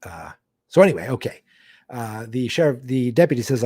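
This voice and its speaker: A man's voice: mid-range voice, big pitch swings, moderate pace, dark tone, slightly rough, no echo, studio quality. A man hosting a live book-club podcast, reading a comic aloud and breaking off for chatty asides. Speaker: podcast host.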